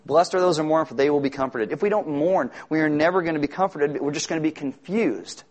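Male pastor, fairly high voice, casual sermon delivery with emphatic repeats. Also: fast talker. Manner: conversational, self-deprecating, emphatic repetitions.

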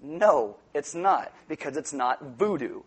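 Animated, joking male preacher. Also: fairly high pitch, slow pace, husky. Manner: animated, joking, acts out quotes. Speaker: pastor. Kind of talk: sermon.

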